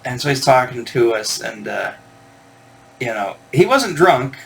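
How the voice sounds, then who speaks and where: A man's voice: mid-range voice, big pitch swings, unhurried, vocal fry. A man hosting a record collector channel, telling a rambling, digressive story in casual chat to camera.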